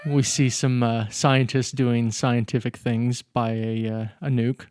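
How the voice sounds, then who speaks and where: A man's voice: medium pitch, flat delivery, a little slow, a little mellow, slight background noise. A man co-hosting a podcast, casually recapping a film's plot step by step with fillers. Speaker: podcast co-host. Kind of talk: casual chat recapping a film.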